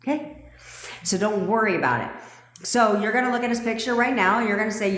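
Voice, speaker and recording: A foul-mouthed woman coaching an audience on a live stream, bossy and blunt, with a loose, joking way of talking. Her voice sits at an ordinary pitch for a woman. The room around her rings, with a long reverb trailing after each phrase. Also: animated, fast talker, fairly bright tone. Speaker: manifestation coach.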